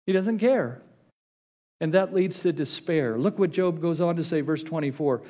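A man preaching a sermon, reading scripture aloud and slowing down on key words for emphasis. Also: fairly high pitch, expressive, mellow. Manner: reads scripture aloud with rising intensity, slows for emphasis. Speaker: pastor.

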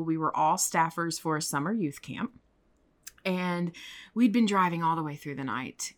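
A young adult woman co-hosting a faith podcast, telling a story in a lively, dramatic way. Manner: animated, dramatic storyteller with big pitch swings. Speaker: podcast co-host. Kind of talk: storytelling chat.

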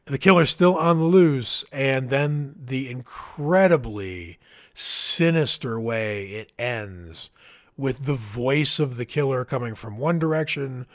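A man on a podcast, casually retelling a film's plot with lively energy and lots of "like". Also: medium pitch, slow pace. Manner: animated storyteller, acts out quoted lines, frequent "like". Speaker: podcast co-host. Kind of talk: casual film discussion.

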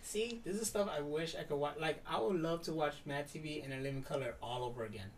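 Animated man, slightly high, off-mic. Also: quick pace, far from the mic, a crowd in the background. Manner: animated, swears, many fillers. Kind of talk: casual chat.

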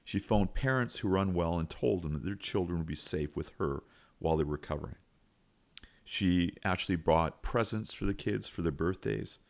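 A middle-aged man hosts a teaching podcast and spins a personal anecdote. His voice is low and deep, and he tells the story in a lively, folksy manner with plenty of asides to the listener. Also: normal speed. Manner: animated, folksy retelling with repeated asides.

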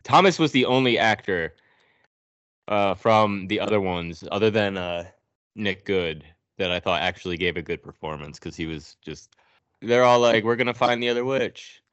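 Podcast host, man, low smooth voice, sarcastic scene-by-scene movie recap, dry sound. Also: normal speed, a bit bright, no room sound, muffled recording. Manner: sarcastic, profane, narrating scenes.

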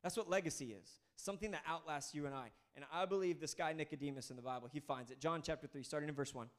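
A man in his thirties preaching with a high, bright voice. He is energetic and conversational, breaking off to talk straight to the congregation. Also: fast. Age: 30s. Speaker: pastor. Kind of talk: sermon.

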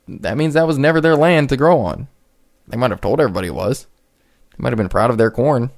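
A man's voice: mid-range voice, animated, quick pace, vocal fry, darkish tone. A man in his twenties hosting a solo podcast, talking casually and rambling with frequent restarts. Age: 20s. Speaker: podcast host.

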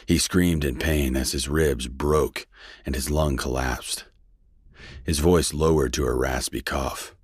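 A man narrating a western story in a steady, measured reading. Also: rumbling low, husky, no room sound, studio quality. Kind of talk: scripted audiobook narration.

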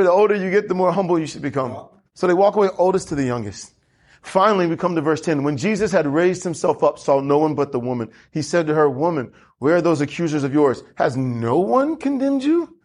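A man preaching a lively sermon as pastor, asking the congregation questions and drawing answers back. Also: on the high side. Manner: animated preaching with congregation call-and-response.

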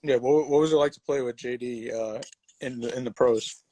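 Man asking short, halting questions. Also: medium pitch, fairly even intonation, mellow, low-quality recording. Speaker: interviewer. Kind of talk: casual interview questions.

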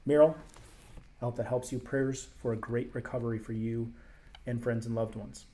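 A man's voice: mid-range voice, steady tone, normal speed, warm tone, slight background noise. A man hosting a health question-and-answer show, his voice sitting in an ordinary middle range. He explains things conversationally, circling back to stress his main points. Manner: conversational, explanatory, emphatic repetition. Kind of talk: casual Q&A.

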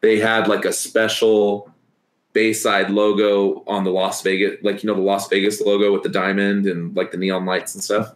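A low-voiced man co-hosts a laid-back podcast chat. He talks in a loose, rambling way, stuffs his sentences with fillers and laughs easily. The recording has a noticeably echoey room sound. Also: flat delivery, moderate pace. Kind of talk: casual chat.

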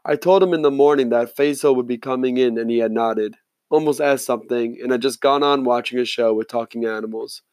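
An audiobook narrator reads a novel aloud from a script, his delivery steady and measured. His voice sits at medium pitch, and the recording is studio quality with no room sound.

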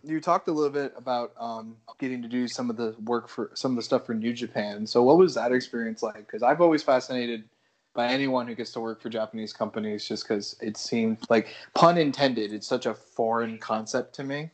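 A man hosting a podcast, asking a guest a casual, halting question with false starts. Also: medium pitch. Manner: halting, restarts his questions. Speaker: podcast host.

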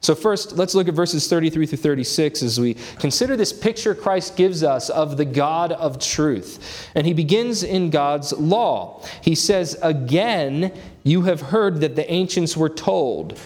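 A man's voice: lively intonation, unhurried, darkish tone. Earnest man preaching an expository sermon. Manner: earnest, emphatic, with pitch rising on key points.

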